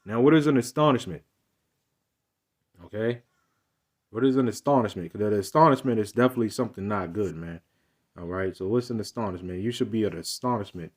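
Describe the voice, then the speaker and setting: A man's voice: lowish voice, fairly quick, pauses often. Emphatic man giving casual Bible teaching. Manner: emphatic, repetitive, ends phrases with "man"; loose, conversational slang and restarts. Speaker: preacher.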